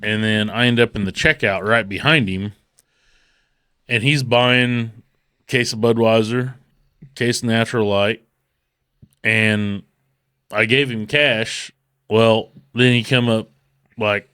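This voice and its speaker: A man's voice: lowish voice, steady tone, slow, pauses often, fairly bright tone, smooth. A man on a podcast telling a casual story, chuckling and swearing along the way.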